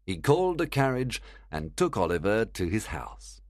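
A man narrating a storybook in a clear, measured reading. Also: on the low side, sing-song, dry recording, clean studio sound. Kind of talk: storybook read-aloud.

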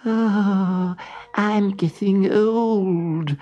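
A man voicing a miserable old cat who speaks in a slow, creaky, husky voice. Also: sits high, fairly even intonation, mellow, highs cut off, soft background music, pitched above the performer's own voice. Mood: mournful. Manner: slow and mournful.

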